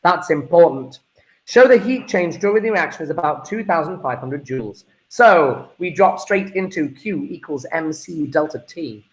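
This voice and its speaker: A man's voice: on the high side, expressive, normal speed, low-quality recording. A man talking through a chemistry exam paper as a teacher, chatty and calling his students guys and folks.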